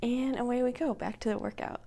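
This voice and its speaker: A woman's voice: a little high, steady tone, fairly quick, gravelly, mellow. A young woman vlogging at home in a chatty, upbeat way with lots of ums. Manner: upbeat, chatty, filler-heavy. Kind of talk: casual vlog chat.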